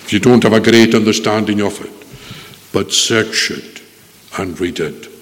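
A man preaching a sermon with earnest pleading that swells and drops. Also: fairly low pitch. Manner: earnest pleading, rising and falling. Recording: long echo of a hall.

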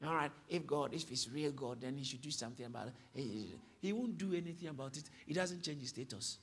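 A man preaching a sermon to a congregation, swinging from soft explanation to loud calls for the crowd to read aloud. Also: mid-range voice, brisk, slightly rough. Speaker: pastor. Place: church hall with congregation.

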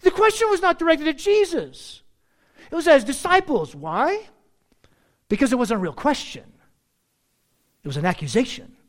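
A male pastor preaching a sermon, with animated delivery and joking asides to the congregation. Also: extremely high pitch, normal speed, pauses often.

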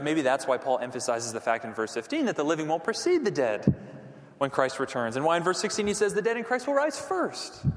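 A man preaching a sermon as pastor, animated, dropping to near whispers for emphasis. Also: mid-range voice, long reverb tail.

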